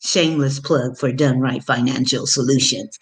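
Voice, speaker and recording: A woman's voice: a bass voice, steady tone, normal speed, husky. A woman life coach giving an emphatic, preachy motivational talk, repeating phrases and dropping folksy pet names. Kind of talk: motivational video monologue.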